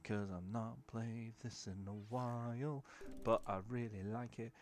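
A man's voice: medium pitch, fairly even intonation, a little slow. A young man giving casual gameplay commentary, chatty and rambling, often breaking off into baby talk. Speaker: gaming video creator.

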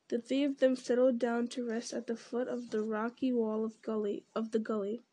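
Mellow-voiced woman reading a story aloud. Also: on the high side, little pitch movement, normal speed, few pauses. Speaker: audiobook reader. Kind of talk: storybook narration.

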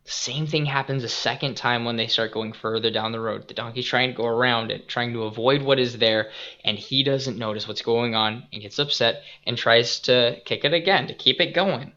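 A young man hosting a casual podcast, retelling a Bible story in an animated, earnest and reflective way, on a dull lo-fi recording. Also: mid-range voice, moderate pace. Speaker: podcast host and youth skate minister.

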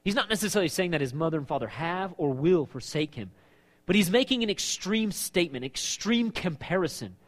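Animated male pastor preaching. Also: sits high, a little fast. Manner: animated preaching, acting out quoted voices. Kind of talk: sermon.

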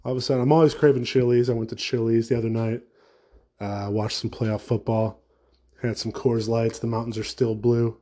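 A man's voice: medium pitch, little pitch movement, a little fast, warm tone. A man hosting his own podcast alone, talking casually in a rambling, profane and sarcastic way. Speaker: podcast host. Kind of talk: casual solo podcast rant.

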